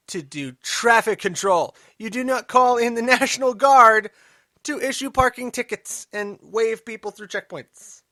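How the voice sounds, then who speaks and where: A man hosting a political commentary podcast, emphatic and sarcastic, dropping to mutters and then rising loud. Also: fairly high pitch, no room sound, studio quality. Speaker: podcast host.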